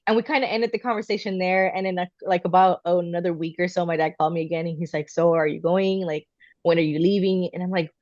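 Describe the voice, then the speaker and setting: A woman's voice: on the low side, quick pace, dry recording, highs cut off. A woman in her thirties co-hosting a podcast, telling a personal story casually and acting out what her family said. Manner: animated, acts out quoted voices of family. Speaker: podcast co-host.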